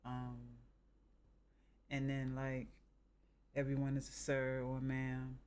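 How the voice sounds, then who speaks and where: A man from the northern United States, chatting casually on a live stream and thinking out loud in a halting, rambling way. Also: mid-range voice, completely flat delivery, slight background noise.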